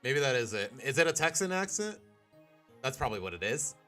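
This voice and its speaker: A young man live-streaming a video game, chatting casually with viewers in an animated, jokey way and sometimes slipping into silly accents. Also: medium pitch, brisk, faint music behind.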